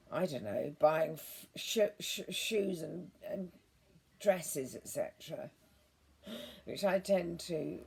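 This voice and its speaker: A woman talking to her viewers in a gentle, earnest, meandering way, restarting her sentences often. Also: fairly low pitch, vocal fry, husky. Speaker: vlogger. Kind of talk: rambling monologue to viewers.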